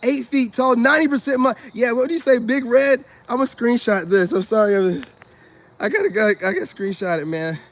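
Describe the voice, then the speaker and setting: A man's voice: very high voice, fairly quick. An American man giving rambling casual commentary to his viewers, laughing often and talking loosely in slang. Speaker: spiritual self-help vlogger.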